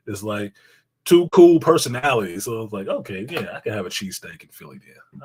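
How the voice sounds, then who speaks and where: A husky man hosts a casual live stream, his pitch bouncing up and down as he talks. He jokes around, swears freely and reads viewers' chat messages aloud. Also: low-quality recording. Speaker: livestream host.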